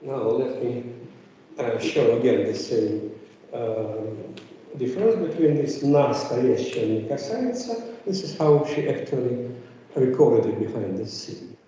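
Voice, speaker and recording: A man giving an academic conference lecture, pausing often with fillers as he explains. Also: mid-range voice, animated, dark tone, a little hiss or hum. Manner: hesitant, many filler pauses. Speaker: conference speaker. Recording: echoey, distant, dull room recording.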